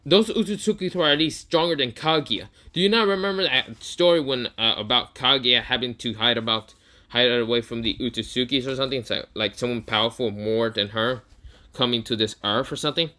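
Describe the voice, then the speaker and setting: A man voicing a furious ninja father who shouts at his son in a loud, raging voice. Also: medium pitch, a little fast, natural voice. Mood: insistent.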